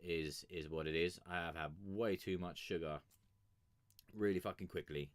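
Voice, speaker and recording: A man's voice: sits low, fairly even intonation, moderate pace, dry recording. A man chatting casually and crudely with his live-stream audience, rambling and joking on a sugar rush. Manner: profane, rambling, joking banter with chat. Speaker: music review streamer.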